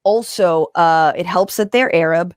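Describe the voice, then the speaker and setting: A woman's voice: lowish voice, measured pace, no echo, clean studio sound. A woman comedian and commentator in a televised debate, full of sarcastic, mocking asides.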